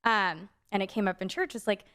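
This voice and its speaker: A woman's voice: medium pitch, a little fast, fairly bright tone, clean tone. A young adult woman co-hosting a faith podcast, telling a story in a rambling casual way, full of "like" fillers. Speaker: podcast co-host.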